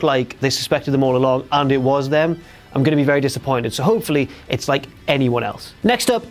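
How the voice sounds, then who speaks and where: Chatty young man with music. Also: a little high. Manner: jokey, chatty, breaks into silly impressions. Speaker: host of a wrestling recap show. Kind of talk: casual chat, recap.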